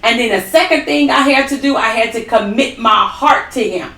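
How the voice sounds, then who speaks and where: A woman's voice: on the high side, fairly quick, bright, forceful tone, recorded from a distance. A woman co-hosting a ministry talk, giving an emphatic testimony with dramatic quoted asides. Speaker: ministry co-host. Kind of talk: testimony-style faith talk. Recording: echoey room, away from the mic.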